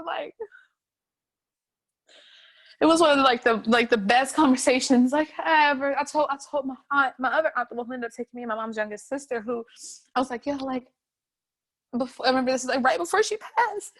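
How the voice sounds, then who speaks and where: Young woman, high voice, animated storytelling, laughs often, emotional interview. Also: a little fast. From North Carolina, USA. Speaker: interviewee, street artist. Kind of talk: emotional oral history interview.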